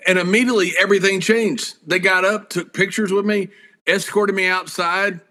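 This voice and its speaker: A man telling casual, animated stories in a talk show interview, swearing and acting out the voices of the people in them. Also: high-pitched, moderate pace. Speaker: guest, former wrestler and commentator. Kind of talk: casual storytelling.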